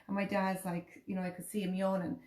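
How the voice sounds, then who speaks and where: A woman's voice: mid-range voice, flat delivery, fairly quick, darkish tone, echoey room. A woman in her thirties with an Irish accent, chatting casually and telling a personal story, acting out what others said. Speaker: host. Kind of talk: casual chat.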